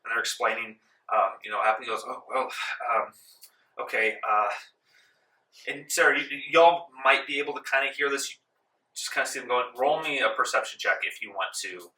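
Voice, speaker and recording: A man narrating as game master in a tabletop game, relaxed, with many ums, in a library meeting room. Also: mid-range voice, fairly quick. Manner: relaxed, full of ums, laughs along. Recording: roomy echo, distant mic.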